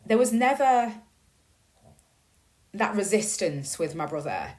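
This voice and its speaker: A woman's voice: mid-range voice, sing-song, a little mellow. Candid woman telling her story. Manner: candid and profane, swinging between slow reflection and bursts of emphasis. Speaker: podcast host. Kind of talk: personal storytelling monologue.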